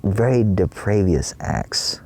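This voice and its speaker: A man's voice: lowish voice, expressive, takes it slowly, vocal fry, darkish tone, a little hiss or hum. A man giving a rambling spiritual monologue in his trailer, swearing often and acting out his own past cries. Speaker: spiritual vlogger.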